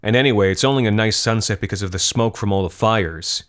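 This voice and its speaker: A man's voice: lowish voice, fast talker, lightly acted. A man reading the part of a cruel teenage boy who taunts his cousins with morbid, gruesome details. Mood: taunting.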